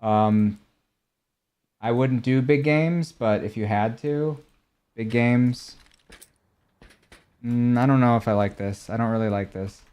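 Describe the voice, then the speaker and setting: He's a young man streaming a game, speaking slowly in a mid-range, clean, slightly mellow voice and pausing often. The talk is relaxed chat over game skins, with answers to viewers about gear and ranks.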